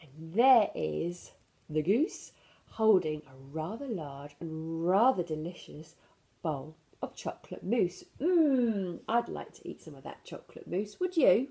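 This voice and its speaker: A woman hosting a children's storytime, reading a picture book aloud in a gentle, sing-song way with soft laughs. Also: lowish voice, big pitch swings, a little slow, vocal fry.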